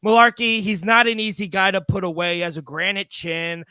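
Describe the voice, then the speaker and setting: Excitable bright-voiced man, dry sound. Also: high-pitched, fairly quick, clear, resonant tone, dry recording. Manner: excitable, swears freely, stumbling repeats. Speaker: podcast co-host. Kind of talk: casual sports betting chat.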